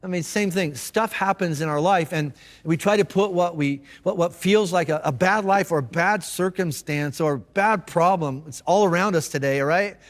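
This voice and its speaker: A man preaching a casual sermon, telling the story in a relaxed, chatty way with slang and repeated words. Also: high voice, normal speed, hardly any pauses, big-room sound. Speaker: pastor. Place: church auditorium.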